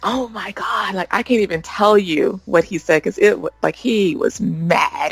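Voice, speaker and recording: A woman's voice: lowish voice, moderate pace, gravelly, hardly any pauses, no echo, poor audio. A woman in her thirties, a podcast guest telling stories of motherhood, acting out what people said and laughing often. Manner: warm storytelling, acts out quotes, laughs often. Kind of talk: casual interview chat.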